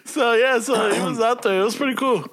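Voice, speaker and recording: A man's voice: very high voice, a bit bright. Laughing, rambling bilingual man. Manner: rambling, halting, much laughter and swearing. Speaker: podcast co-host. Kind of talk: casual bilingual chat, mixing English and Spanish.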